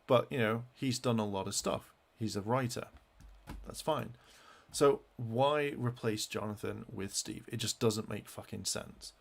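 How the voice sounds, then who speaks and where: A man's voice: on the low side, unhurried, gravelly. A man venting in an angry vlog rant as he clicks through web pages, swearing constantly and restarting his sentences. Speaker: fan vlogger.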